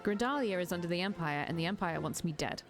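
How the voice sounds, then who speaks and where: A woman's voice: on the low side, animated, quick pace. A woman streamer reading a visual novel aloud in the first person, telling the story expressively.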